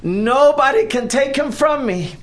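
A preacher doing a lovestruck young woman, pitched up high and eager, firm in her devotion. She speaks slowly and sets each word apart. It is a sermon retelling. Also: animated. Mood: devoted.

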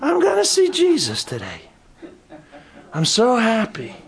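A man voicing a joyful very old man who exclaims with delight in a high voice. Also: wildly swooping pitch, unhurried, vocal fry, heavily acted. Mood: elated.

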